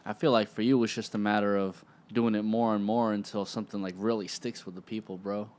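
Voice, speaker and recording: A man hosting a casual interview show, speaking in a relaxed, slangy and supportive way with lots of affirming replies. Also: on the low side, brisk. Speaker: podcast host.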